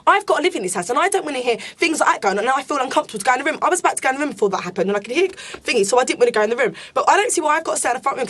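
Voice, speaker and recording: A woman reality show contestant, ranting fast and indignantly in a heated diary room confession, swearing often. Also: high-pitched, fairly bright tone.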